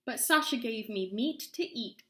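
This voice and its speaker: A woman voicing a helpful talking cat in a storybook read-aloud, calm and kindly. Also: on the high side, a little slow, roomy sound.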